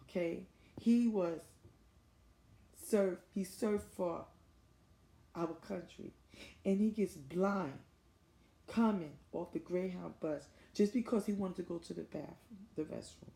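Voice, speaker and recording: A woman's voice: lowish voice, a little slow, gravelly, pauses often, warm tone. A distressed middle-aged American woman making an urgent, repetitive appeal straight to camera as a grieving mother. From United States. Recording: roomy echo.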